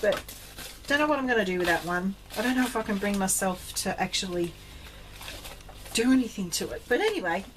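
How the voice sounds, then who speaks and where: A chatty Australian woman rambling through a casual craft vlog, stopping for ums and jumping up in pitch when something excites her. Her voice sits at a middle pitch, and a faint hiss runs under it. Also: fairly quick, long pauses. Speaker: craft vlogger.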